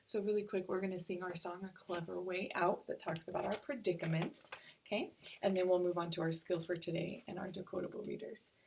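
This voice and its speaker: A woman teacher giving a recorded reading lesson to young children, slowly sounding out syllables. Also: on the low side, fairly even intonation, gravelly, a little mellow, slight background noise. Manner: slow, stretched-out sounding of syllables.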